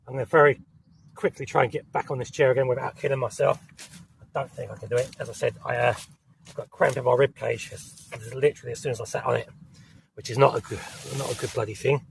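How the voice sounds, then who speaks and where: A man's voice: medium pitch, steady tone, fast, gravelly, slight background noise. A man from southern England with a southern English accent, chatting casually to camera from inside a small hot tent in woodland, rambling and swearing mildly, then apologising for it. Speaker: camping vlogger.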